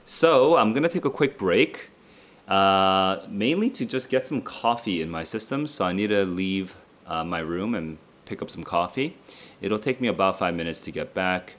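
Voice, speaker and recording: A man's voice: low-pitched, animated, normal speed, a bit bright. A tired young man thinking aloud as he solves test questions, muttering and double-checking himself, with casual asides to viewers from his room. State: tired and distracted. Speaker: SAT tutor.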